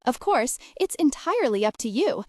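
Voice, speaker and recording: A woman's voice: high voice, sing-song, normal speed, no room sound, studio quality. A woman voicing a scheming middle-aged businesswoman who puts on a sugary fake Southern accent and fake sincerity. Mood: syrupy. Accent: put-on Southern American. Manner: syrupy, fake-sincere, breathless.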